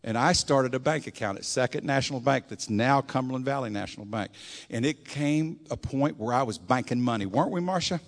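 An older man preaching a sermon, telling folksy stories and swinging between loud and soft. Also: medium pitch, fairly quick. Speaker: pastor. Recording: long echoing hall reverb.

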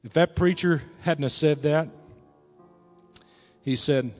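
A man's voice: a little high, slow. Man preaching in an echoing church hall. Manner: storytelling, swings between hushed and raised. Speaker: pastor. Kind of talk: sermon. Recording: reverberant church hall with music.

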